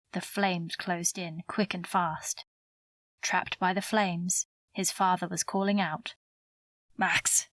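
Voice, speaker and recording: A woman's voice: fairly low pitch, dry recording, studio quality. Woman narrating a romance audiobook. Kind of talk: scripted narration.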